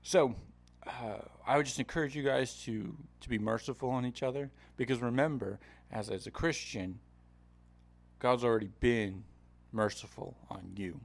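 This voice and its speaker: A man's voice: mid-range voice, moderate pace, vocal fry. A man hosting a podcast, retelling a parable in a loose, chatty style with frequent fillers. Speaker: podcast host. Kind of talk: casual Bible teaching.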